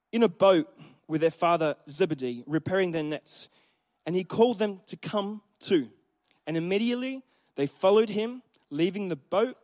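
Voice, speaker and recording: A man preaching a sermon in a church, telling a story in an animated way and speaking directly to the congregation. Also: sits high.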